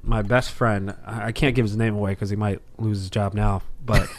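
A man's voice: fairly low pitch, a little fast. A man, a stand-up comedian, telling stories in casual podcast chat, acting out quotes as he goes. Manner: animated, rambling, acts out quotes.

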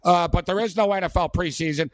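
A man's voice: high voice, fast talker, no room sound, studio quality. A man hosting a sports betting talk show, rambling casually with many fillers.

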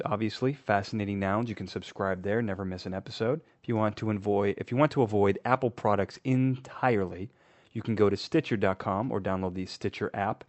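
A man's voice: lowish voice, dry recording. A young man hosting a podcast interview, playful and jokey. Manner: playful, jokey, lively with bursts of laughter. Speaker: podcast host.

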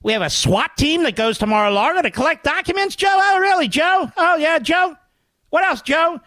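A man's voice: very high-pitched, lively intonation, normal speed, sharp tone, no echo, pitched above the performer's own voice, exaggerated voice. A man voicing a blustering male politician who answers in a mocking, sing-song impression.

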